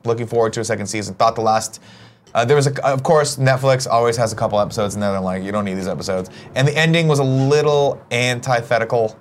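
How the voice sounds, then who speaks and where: A man's voice: medium pitch, fast talker, a little hiss or hum. A man hosting a casual morning talk show, reading out viewer questions and joking with his co-hosts, swearing now and then. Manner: lively, swears, jokey. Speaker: host.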